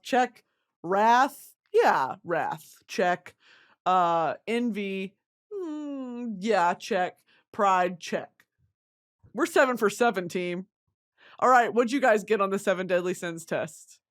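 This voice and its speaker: Animated, goofy woman podcast host. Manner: animated, goofy, swings into shrill character bits. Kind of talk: comedic podcast chat.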